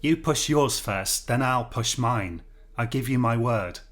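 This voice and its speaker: A man's voice: medium pitch, measured pace, fairly bright tone, natural voice. A man voicing an anxious, pompous male schoolteacher held prisoner, pleading in an earnest, prim way in a story reading. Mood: persuading.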